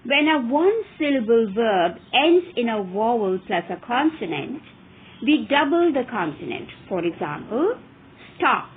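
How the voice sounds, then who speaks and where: A woman teaching English verb forms in a careful, deliberate way, stressing each example word. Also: a little high, sing-song. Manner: clear, careful enunciation with rising emphasis on examples. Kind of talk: slow, deliberate grammar lesson. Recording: phone-like narrow audio with faint hiss.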